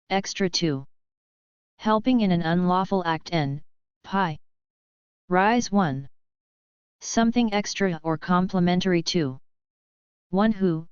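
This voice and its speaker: A woman reading dictionary entries aloud in a slow, measured, list-like way. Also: on the low side, clean tone, dry recording, highs cut off. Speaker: dictionary reader.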